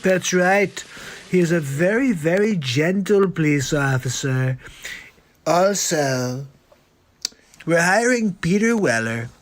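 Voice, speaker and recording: A man's voice: fairly high pitch, animated, slow. A man doing an impression of a brash, boastful male politician who announces plans and keeps repeating "that's right". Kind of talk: live comedy impression.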